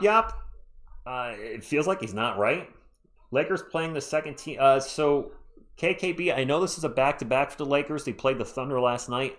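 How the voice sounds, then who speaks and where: A man hosting a live fan play-by-play stream, chatty and excitable, reading and answering viewer chat as he calls the game. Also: medium pitch. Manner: excitable, voice jumps up when thrilled.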